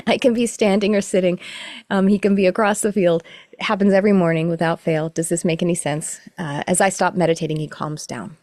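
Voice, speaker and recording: A middle-aged woman teaching a live online class, explaining in a relaxed, rambling way with self-corrections. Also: lowish voice, a little fast, dry recording, clean studio sound. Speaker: course teacher. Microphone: video call.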